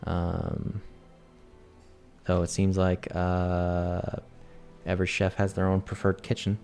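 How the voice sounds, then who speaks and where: Man doing a teasing noblewoman NPC: low and gravelly, halting, faint music under. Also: monotone, darkish tone, exaggerated voice. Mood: musing. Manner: hesitant, halting with many fillers.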